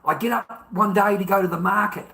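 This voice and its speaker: A man's voice: high voice, brisk, bright, forceful tone, slight background noise. A man with an Australian accent, telling a personal story in a profane, emphatic rant that repeats points for emphasis.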